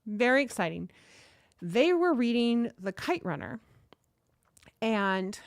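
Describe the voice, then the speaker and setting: A woman's voice: mid-range voice, dry recording. Chatty woman livestream host in her thirties, dry close mic. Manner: chatty, animated, reads chat aloud. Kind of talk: casual livestream storytelling.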